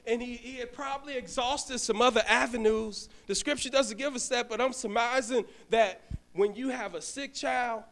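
Man, church deacon, sermon, high voice, stammering restarts, storytelling to the congregation. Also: moderate pace, a bit bright. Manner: addresses the congregation directly. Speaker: deacon preaching. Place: church sanctuary.

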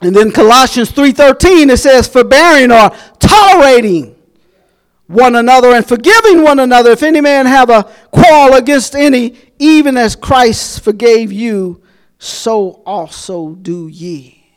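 A middle-aged man preaching a sermon as pastor, folksy and joking with the congregation, fervent and at times shouting. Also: very high-pitched, measured pace, clean tone.

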